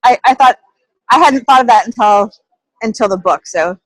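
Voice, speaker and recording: A woman's voice: a little high, moderate pace, dry recording, rough recording. A woman sharing a thought with her team leader, hesitant, restarting and trailing off.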